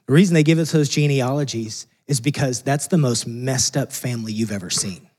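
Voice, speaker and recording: A man preaching a sermon in a conversational, earnest way, swinging from loud emphasis to soft, hushed lines. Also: mid-range voice. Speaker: pastor.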